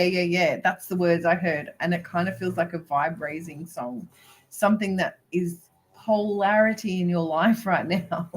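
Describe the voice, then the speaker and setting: Her voice sits on the low side and the audio is poor. She's a spiritual business coach doing a live video reading with an emphatic, preachy delivery, often tacking on "right?", giggling a lot and occasionally swearing.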